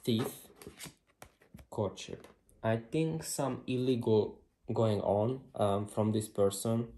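A man doing a casual tarot reading to camera, blunt and excitable, swearing freely as he thinks aloud. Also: fairly low pitch, slow, slight background noise. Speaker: tarot reader. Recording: roomy echo.

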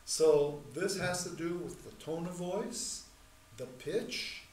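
A man teaching a church class in a measured, deliberate way, repeating key points and slowing down to stress terms. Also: high voice, a little mellow. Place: church hall. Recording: echoey room, mic far off, faint noise.

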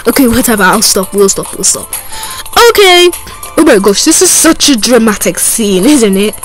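High, lively woman doing giggly toy play. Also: normal speed, faint music behind, rough recording. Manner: giggly, playful, often breaking into laughter. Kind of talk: improvised toy role-play voicing many characters.

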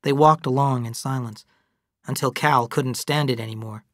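A narrator reading an abridged novel aloud in slow, even storytelling. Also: mid-range voice, no room sound, studio quality.

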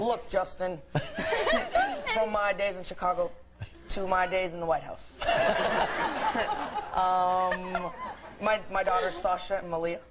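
Slow, chuckling man's thank-you message, noisy crowd behind. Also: sits high, little pitch movement. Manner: halting, chuckling.

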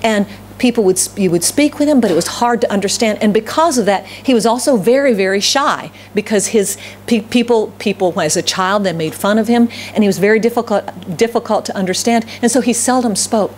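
A woman's voice: mid-range voice, brisk, a little hiss or hum. A middle-aged woman pastor with a Southern US accent, preaching a sermon and telling stories, often repeating phrases for emphasis. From Southern United States.

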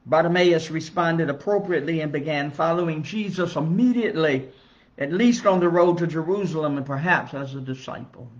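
A man, a minister, giving an earnest Bible study lesson in a church, measured and building emphasis on key phrases. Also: on the high side. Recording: dull lo-fi recording.

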